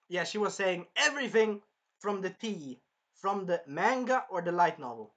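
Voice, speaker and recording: A man recaps an anime episode in excitable, profane chat. He jumps into loud voices for the characters. His voice is bright and forceful. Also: high voice, normal speed. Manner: excitable, swears a lot, acts out characters in shouted voices. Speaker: anime reviewer. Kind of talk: casual anime recap and review.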